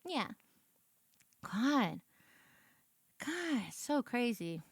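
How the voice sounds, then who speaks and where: A young woman streamer chatting casually, ranting in an animated way and swearing as she goes. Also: a little high, extremely slow, husky, no room sound, studio quality. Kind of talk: casual chat.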